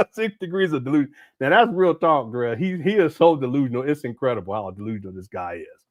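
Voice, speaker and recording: A man's voice: medium pitch, sing-song, a little fast, no echo. A man hosting a livestream, chatting casually in loose, joking, profane reaction commentary and tripping over his words. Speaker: livestream host.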